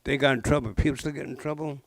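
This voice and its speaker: This man in his sixties, a traditional storyteller from the Pacific Northwest, talks fast in a gravelly, mid-range voice with fairly even intonation. He tells legends to a live audience at a public library, playfully tossing in jokes and questions. There's no room sound, and the audio is poor.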